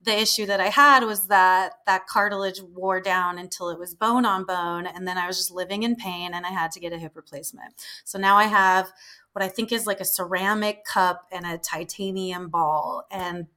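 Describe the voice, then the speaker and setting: A woman's voice: fairly low pitch, fairly even intonation, normal speed, sharp tone. A woman in her thirties chatting casually as an interview guest, swearing freely and laughing as she tells stories. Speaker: guest performer.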